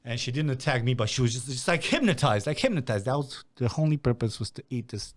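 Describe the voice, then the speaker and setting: A young man from Romania hosting a podcast, telling a story in a casual, animated way and swearing freely. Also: medium pitch, fast, hardly any pauses. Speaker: podcast host.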